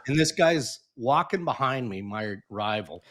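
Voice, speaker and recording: A man co-hosting a sports podcast, telling stories in a lively, emphatic way. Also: medium pitch, a little slow. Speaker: podcast co-host. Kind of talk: casual sports podcast chat.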